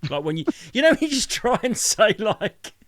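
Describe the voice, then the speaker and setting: Lively-voiced man hosting a podcast. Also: high voice, normal speed, no echo, clean studio sound. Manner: chatty, lively, swearing. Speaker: podcast host. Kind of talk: casual chat.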